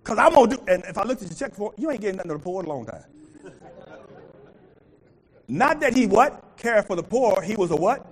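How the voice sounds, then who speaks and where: A man's voice: high-pitched, brisk, pauses often, some chatter behind, rough recording. A man preaching a call-and-response sermon as pastor, repeatedly asking the congregation to finish his words. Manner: animated preaching, asks congregation to fill in words.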